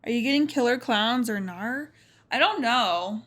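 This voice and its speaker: Young woman game streamer, casual chat, slow drawl, high and bright. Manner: relaxed, drawling, chatty with laughs. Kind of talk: casual chat while gaming.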